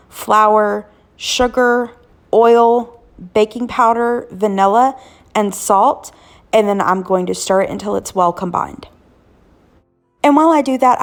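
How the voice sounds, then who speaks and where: A woman in her thirties or forties, a cooking channel host, hoarse from illness, chatting casually with lots of ums as she walks through weeknight dinners. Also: mid-range voice. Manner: chatty, homey, frequent "um" fillers. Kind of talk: casual cooking vlog narration.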